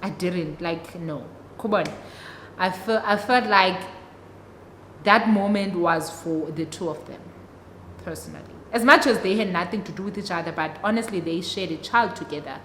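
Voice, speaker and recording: A young South African woman whose first language is isiXhosa tells a dramatic story-time tale and keeps talking straight to her viewers. Her voice is bright and crisp. It rings in an echoey room with a long reverb and faint noise behind it. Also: lowish voice, normal speed. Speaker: vlogger.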